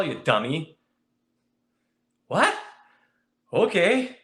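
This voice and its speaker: A young man telling a story as a podcast guest, animated and jumping into high voices when he acts out his friends. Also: moderate pace. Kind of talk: casual storytelling. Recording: echoey room.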